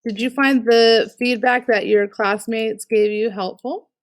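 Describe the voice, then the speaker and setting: A woman's voice: fairly high pitch, fairly even intonation, unhurried, no echo. A woman teaching an online art class, critiquing student artwork in an encouraging but direct way with frequent fillers, speaking into a computer mic on a video call.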